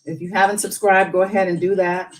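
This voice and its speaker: A woman's voice: lowish voice, level tone, fairly quick, rough recording. Chatty woman hosting a late-night live stream. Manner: chatty, musing, reads news aloud with asides. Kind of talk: casual live-stream commentary.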